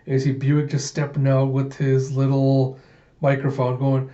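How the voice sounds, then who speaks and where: A man's voice: medium pitch, completely flat delivery, moderate pace, warm tone. A man reading through a comic casually, retelling the panels with playful asides, in a dull lo-fi recording. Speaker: comic reader. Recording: dull lo-fi sound.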